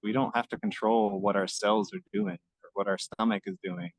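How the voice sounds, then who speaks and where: A man with a fairly low voice talks earnestly, explaining each thought gently and at length. He sounds like a podcast co-host in easy conversation. The recording is dry and close. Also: expressive, normal speed, dry recording, rough recording. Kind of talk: reflective casual conversation.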